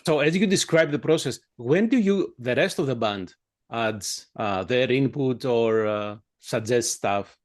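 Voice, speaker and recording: A man hosting a casual interview over a video call, with a groggy early-morning voice and a friendly, relaxed manner. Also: medium pitch, a little slow. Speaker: interviewer, podcast host.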